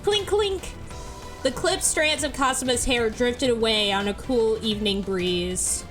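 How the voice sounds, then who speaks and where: Slow-reading giggly woman narrator. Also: on the high side, steady tone, fairly bright tone, soft background music. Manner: giggly, playful. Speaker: let's play host reading a visual novel. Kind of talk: narrating a visual novel, casual chat.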